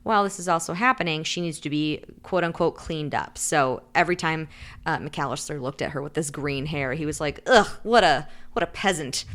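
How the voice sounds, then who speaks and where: A woman's voice: low voice, fairly quick, a bit bright. A woman co-hosting a podcast, casually retelling a story and saying "like" a lot while briefly acting out the characters' lines. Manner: chatty, heavy use of "like"; acts out quotes in shifting voices. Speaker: podcast co-host. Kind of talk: casual book recap chat.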